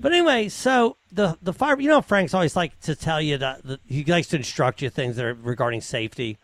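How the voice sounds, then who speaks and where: A man's voice: a little high, fairly quick, no echo. A man co-hosting a podcast, telling family stories with plenty of laughter. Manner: animated storyteller, laughs often. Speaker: podcast co-host. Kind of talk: casual chat.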